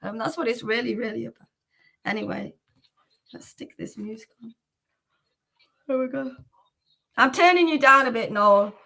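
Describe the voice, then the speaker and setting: A woman's voice: fairly high pitch, moderate pace, creaky, pauses often, pushed and bright, rough recording. A woman hosting a devotional chanting livestream, talking casually to her viewers in a rambling, fervent way, with many repeats of "you know".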